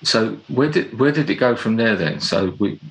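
A man interviewing a guest, asking halting questions and giving brief affirming replies. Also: on the low side, expressive, fairly bright tone, poor audio. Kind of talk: conversational interview.

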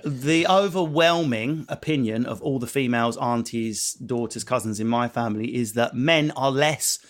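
A man's voice: medium pitch, moderate pace. A man from Essex with an Essex accent, hosting a comedic podcast chat in a jokey, teasing way. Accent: Essex English. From Essex, England. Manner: jokey, mock-exasperated, playful teasing. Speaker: podcast host.

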